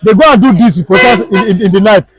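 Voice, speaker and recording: A man's voice: sits high, fast, slight background noise, poor audio. A Nigerian man with a Yoruba accent giving impassioned street political commentary, emphatic and repetitive in a preachy way. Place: outdoors on a Lagos street.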